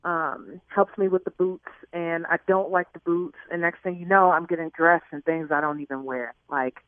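A woman's voice: lowish voice, normal speed, no echo. Chatty woman caller over a tinny phone. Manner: chatty, animated storytelling. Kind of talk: telling a personal story on a call-in show.

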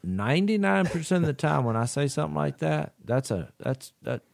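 A man co-hosting a podcast and recounting a story in an easygoing, chatty way. His voice rises and falls with lively swings of pitch, and now and then he chuckles at his own tale. The sound is close and dry, with no room echo. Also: a little fast, creaky. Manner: animated, laughs through his own story. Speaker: podcast co-host. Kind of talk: casual storytelling chat.

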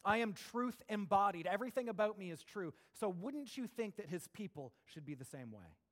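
A man preaching a sermon to his congregation, animated, moving between quiet asides and raised, emphatic passages. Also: high voice, normal speed. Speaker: pastor.

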